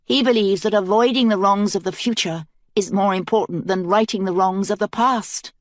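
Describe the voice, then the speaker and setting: A woman's voice: medium pitch, normal speed, no room sound, studio quality, natural voice. A woman voicing a determined young queen in an audiobook, speaking earnestly and with command.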